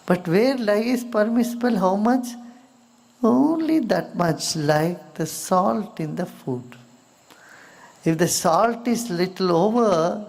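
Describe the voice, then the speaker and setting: Slow gravelly Indian man, soft-spoken. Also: high-pitched. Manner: slow, soft-spoken, drops to near-whispers. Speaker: spiritual teacher. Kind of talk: spiritual talk with storytelling.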